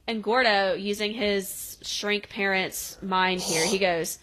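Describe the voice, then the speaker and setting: A woman with a bright, sharp voice chats through a TV episode recap on a podcast. She retells each scene in a casual, animated way and slips into the characters' lines as she goes. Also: medium pitch, slow, few pauses. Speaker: podcast co-host.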